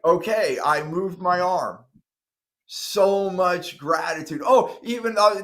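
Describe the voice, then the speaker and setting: A middle-aged man, a guest on a talk show, earnestly telling his own story and acting out what he once said to himself. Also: high voice. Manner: earnest, animated, acts out his own past words. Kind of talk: interview storytelling.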